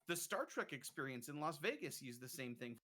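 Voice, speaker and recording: A man's voice: a little high, sing-song, brisk, bright, forceful tone. A man in a casual stream chat, eagerly explaining theme park ride effects in detail. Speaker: streamer guest.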